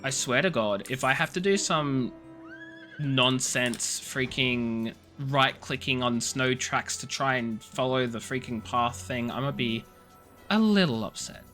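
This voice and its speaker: A man's voice: medium pitch, a little slow, bright, forceful tone. A tired, yawning man streaming a game, who talks in a casual, playful, self-mocking way and mutters to himself, with faint game music behind. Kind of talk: casual gaming stream chat.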